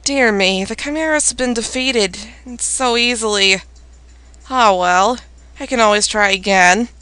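A woman voicing a smug, scheming game villain in a low, silky, mocking voice. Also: a little slow, fairly bright tone, clean tone, no echo. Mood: smug menace.

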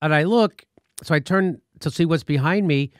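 Talk-show host, male, animated storyteller with a slightly raised pitch, dry close studio mic. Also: normal speed, no room sound. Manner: animated, acts out quotes with profanity. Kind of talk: casual storytelling.

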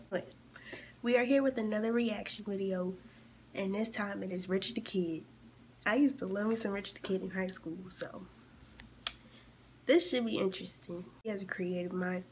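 A woman in her early twenties from Maryland, chatting casually while reacting to a music video, her voice a bit rough from being sick, sometimes dropping to a near whisper. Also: mid-range voice, slight background noise. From Maryland, USA. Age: early 20s.

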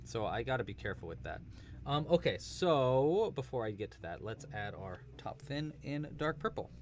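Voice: mid-range voice, sing-song, moderate pace, slight background noise. A crochet teacher hosting a casual live crochet-along, chatty and enthusiastic, rambling a bit with restarts. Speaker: crochet teacher and livestream host.

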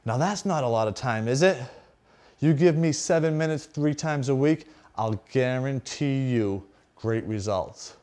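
A man's voice: medium pitch, measured pace, darkish tone. A man leading a workout as a fitness instructor, counting reps and urging the viewer on while breathing heavily. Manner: encouraging, coaching and counting reps. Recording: music behind the voice.

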